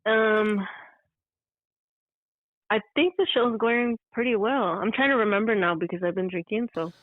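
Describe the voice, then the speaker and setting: A woman's voice: mid-range voice, a little slow, no echo. A woman calling in to a show, chatting casually and laughing easily, heard over a phone line. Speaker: guest caller. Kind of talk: casual chat. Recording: dry tinny phone line.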